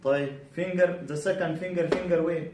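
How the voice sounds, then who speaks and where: A man teaching a bedside clinical exam to students, animated and quizzing them repeatedly. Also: fairly high pitch, fairly quick, crowd noise. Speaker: medical exam tutor. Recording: roomy, distant, faint background hum.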